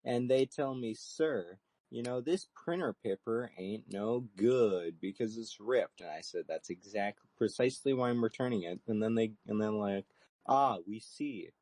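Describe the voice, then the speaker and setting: A young man co-hosting a comedy podcast, deadpan and mock-profound, stuck on stammering repetitions. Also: on the low side, moderate pace. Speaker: podcast co-host.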